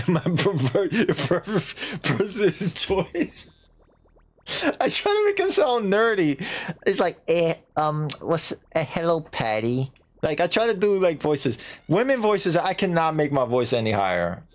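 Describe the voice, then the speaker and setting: A man's voice: high-pitched, sing-song, unhurried. A man streaming a video game, chatting casually and mocking himself, now and then slipping into silly put-on voices. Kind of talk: casual let's-play chat.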